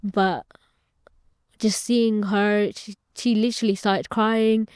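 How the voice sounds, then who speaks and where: A woman's voice: mid-range voice, little pitch movement, slow pace, a little mellow, clear, resonant tone, dry recording, studio quality. A young woman, a guest in an interview, earnestly recounting a personal story and retelling family conversations at length.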